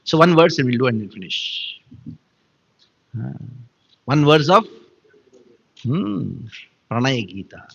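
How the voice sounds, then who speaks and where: A man's voice: medium pitch, sing-song, takes it slowly, gravelly, long pauses, slightly rough, dull audio. A man giving a devotional scripture class, telling the story with emphasis and animation.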